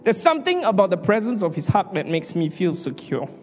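A man preaching an emotional sermon as a pastor, earnest and halting, often restarting his sentences. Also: high voice, very animated, a little mellow, long reverb tail, faint music behind. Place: hall.

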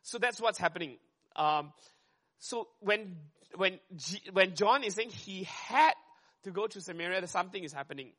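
A man preaching a sermon, talking fast and conversationally and often checking in with "right?". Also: high-pitched, lively intonation, pushed and bright.

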